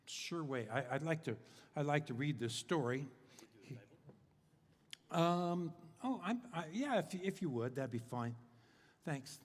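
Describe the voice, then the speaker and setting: An older man preaching in a church, telling jokes in a loose, rambling way full of restarts and fillers. His voice sits a little high for a man. A long hall reverb trails his words. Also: lively intonation, measured pace, long pauses. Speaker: guest preacher. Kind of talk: humorous sermon storytelling. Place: church sanctuary.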